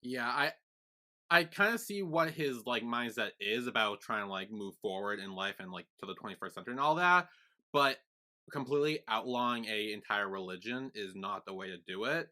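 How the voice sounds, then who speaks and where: A man co-hosting a podcast, mostly giving short agreeing replies and calmly offering his view on the episode. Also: lowish voice, normal speed. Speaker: podcast co-host. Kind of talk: casual recap chat.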